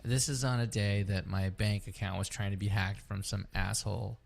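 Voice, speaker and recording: A man's voice: on the low side, steady tone, moderate pace, creaky. A man who co-hosts a podcast, telling a story in casual chat. He swears freely and acts out both sides of the story. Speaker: podcast co-host.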